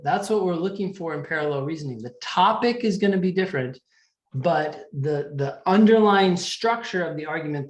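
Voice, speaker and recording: Man teaching in an echoey room. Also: fairly high pitch. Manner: conversational, checks in with "right?". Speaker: LSAT teacher. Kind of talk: live class lecture.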